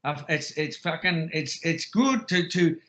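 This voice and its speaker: A man's voice: fairly high pitch, animated, measured pace, a bit bright. A man on a voice call, arguing in a mocking, profane, sarcastic way. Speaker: caller on a group call. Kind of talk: heated argument on a voice call.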